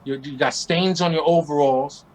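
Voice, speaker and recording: Interview guest: man in his forties from Queens, brash and profane, high voice. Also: fairly even intonation, moderate pace, poor audio. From Queens, New York. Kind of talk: casual interview storytelling.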